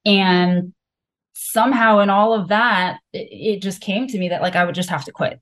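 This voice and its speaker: This physician's voice sits in the mid-range, a bit bright, at a normal speed. As a podcast guest she recounts her own story candidly and frankly, with plenty of filler words throughout.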